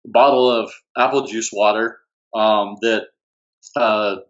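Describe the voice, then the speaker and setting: A middle-aged man, a podcast guest, telling a story in a halting way, full of fillers. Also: fairly low pitch, fairly even intonation, highs cut off. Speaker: guest, former squad member. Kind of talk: casual chat, storytelling.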